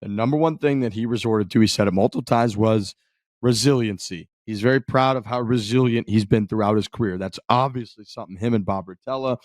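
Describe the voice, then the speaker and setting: Excitable, profane podcast guy. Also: fairly low pitch, fairly quick, no echo, studio quality. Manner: excited, profane, rambling analysis. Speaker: golf podcast co-host. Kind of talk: casual chat.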